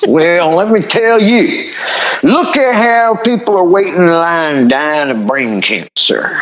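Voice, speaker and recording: A man's voice: on the high side, lively intonation, slow, a bit bright, pitched above the performer's own voice. A man putting on the voice of a brash, sneering American politician mocking public healthcare. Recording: dull lo-fi audio.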